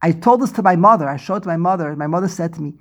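A man hosting a casual chat over a video call, telling animated stories and laughing often. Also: on the high side, very fast. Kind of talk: casual conversation.

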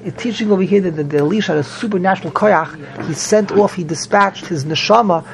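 A man teaching a Talmud class, an animated, repetitive, joking storyteller who mixes in Hebrew and Yiddish terms. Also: high voice, fairly quick, gravelly, background noise. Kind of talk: Daf Yomi Talmud class.

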